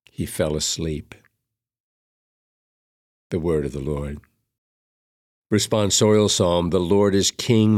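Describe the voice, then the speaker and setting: Low-voiced guy reading mass readings, slow and solemn, dry close sound. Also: a little mellow, no echo. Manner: measured, solemn recitation. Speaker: liturgical reader. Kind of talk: reading Mass prayers and scripture.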